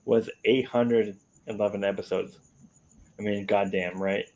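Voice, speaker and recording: A man's voice: on the low side, steady tone, unhurried, a little mellow, low-quality recording. A man chatting loosely on a live stream and swearing casually.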